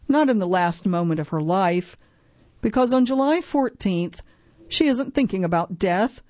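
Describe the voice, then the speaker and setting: Woman narrating a magazine story, measured reading, kinda muffled dry recording. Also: medium pitch, darkish tone, dry recording. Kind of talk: scripted narration. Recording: dry, slightly dull lo-fi sound.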